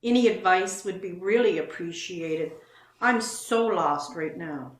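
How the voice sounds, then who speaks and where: A woman's voice: lowish voice, expressive, a little slow, reverberant. A woman co-hosting a casual show, reading online posts aloud and commenting on them.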